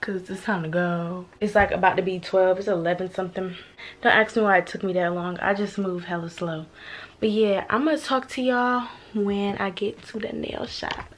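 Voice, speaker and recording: A woman's voice: medium pitch, fairly even intonation, moderate pace. A young woman, vlogging casually and chatting straight to her viewers in a bubbly, slangy way, recorded on a handheld phone. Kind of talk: casual vlog chat to camera.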